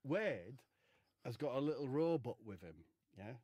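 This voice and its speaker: A man telling a rambling comic story in a deadpan way, with casual swearing. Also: mid-range voice, unhurried, dry recording. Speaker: comedian.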